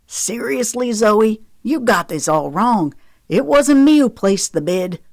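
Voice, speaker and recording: A woman's voice: fairly high pitch, lively intonation, slow, gravelly, a little mellow, no room sound, clean studio sound, voice pushed up, exaggerated voice. A woman voicing an earnest, anxious older brother who speaks in an urgent, pleading way in an audiobook. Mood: defensive.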